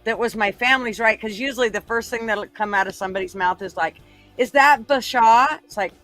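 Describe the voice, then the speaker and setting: A woman's voice: mid-range voice, fairly even intonation, fast talker, pushed and bright, faint music behind. A woman in casual chat on a podcast, blunt and heavy with profanity.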